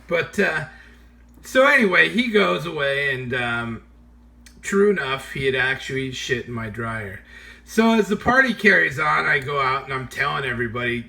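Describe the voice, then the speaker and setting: A man telling a funny true story in a casual, animated way, often laughing as he tells it. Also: on the high side, vocal fry.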